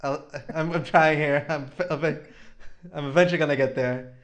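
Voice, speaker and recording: A man hosting a casual comic read-along, joking in quick asides and laughing a lot. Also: fairly high pitch, fairly even intonation. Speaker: podcast host.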